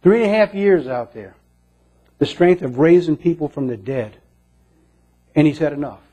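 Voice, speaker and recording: A man preaching a sermon in an earnest way, moving between emphatic lines and hushed ones. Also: on the high side, expressive, moderate pace, husky. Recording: dull lo-fi recording.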